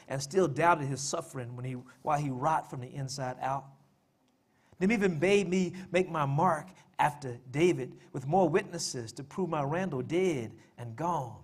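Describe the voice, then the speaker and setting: A man's voice: a little high, natural voice. A man reciting a poem in the voice of an illiterate, weary Civil War widow, in plain-spoken folk dialect. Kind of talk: poetry reading.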